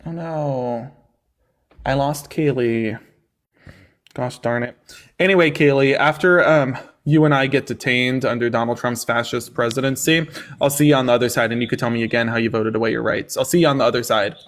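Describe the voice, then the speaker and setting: A man's voice: mid-range voice, moderate pace. A man hosting a live-stream call-in debate, mocking and needling his guests and laughing often. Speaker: livestream debate host.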